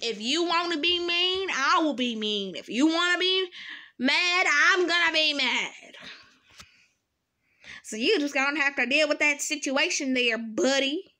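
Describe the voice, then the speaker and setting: A woman's voice: high voice, a little slow, bright, forceful tone. A young woman chatting casually to her camera in a rambling, self-talking vlog, drawing out her words. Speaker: slime vlogger. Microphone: camera set up nearby.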